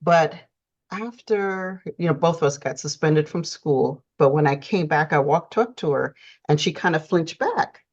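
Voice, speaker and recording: Canadian-raised woman host, slightly low, casual and chatty; muffled lo-fi recording. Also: lively intonation, a little slow. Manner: chatty, many fillers like you know. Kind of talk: casual conversation.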